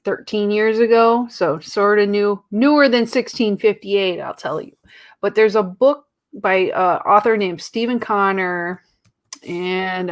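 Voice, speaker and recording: A woman hosting a casual talk show as a librarian, chatty and jokey with giggly asides and lots of fillers. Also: lowish voice. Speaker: host, librarian. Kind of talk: casual chat.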